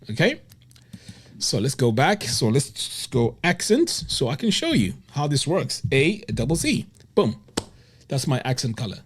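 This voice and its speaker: A man teaching web design in a screen-recorded tutorial, walking through steps with enthusiastic exclamations. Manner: enthusiastic, exclaims "boom" and "look at that".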